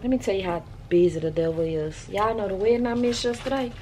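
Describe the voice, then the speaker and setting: A woman's voice: mid-range voice, fast, a little hiss or hum. Chatty woman vlogging from home. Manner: animated, talks straight to viewers. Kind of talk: casual chat to camera. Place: at home, indoors.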